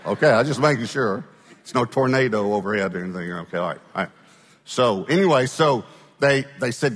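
A man's voice: on the low side, expressive, a little fast, a bit bright, big-room sound. A male pastor telling a story in a sermon, talking conversationally and often checking in with his listeners.

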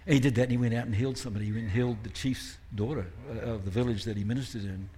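A man's voice: medium pitch, steady tone, racing, warm tone, a little hiss or hum. A man giving a guest sermon at a church service, talking in a conversational way with self-deprecating asides and rising emphasis. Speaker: guest preacher.

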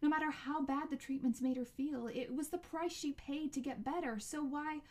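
A woman narrating a novel chapter as an audiobook, in a measured, expressive storytelling manner. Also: high voice.

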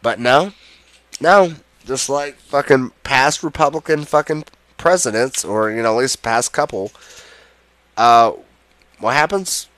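A man's voice: mid-range voice, lively intonation, unhurried, pauses often, fairly bright tone, dry recording. A man in a heated, profane, sarcastic political rant to the camera.

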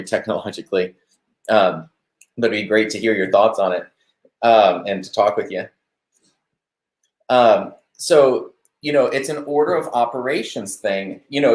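A man hosting a live stream, giving a relaxed devotional talk on a verse and chatting to viewers as they comment. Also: lowish voice, roomy sound. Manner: conversational, warm-hearted preaching with asides to viewers.

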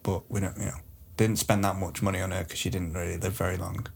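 A man doing a deadpan, mock-serious comedy chat, often hesitant and trailing off. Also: low-pitched, quick pace, creaky.

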